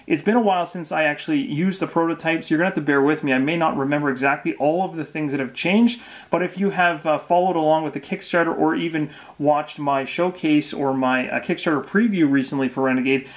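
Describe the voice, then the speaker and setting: An excited man hosts a board game unboxing in a relaxed, chatty way. His voice sits a little on the high side and he talks freely with plenty of ums and restarts. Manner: enthusiastic, chatty, with frequent fillers and restarts. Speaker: board game channel host. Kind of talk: casual unboxing talk to camera.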